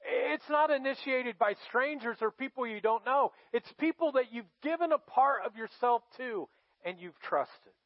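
A man's voice: very high-pitched, animated, normal speed, no echo. A man preaching a sermon as pastor, telling the story in a dramatic, emphatic way. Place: church. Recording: dry, dull lo-fi sound.

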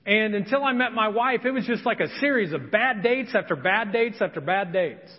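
A man's voice: high-pitched, lively intonation, normal speed. A male pastor preaching a sermon in an earnest storytelling manner. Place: church sanctuary. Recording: reverberant church hall, dull sound.

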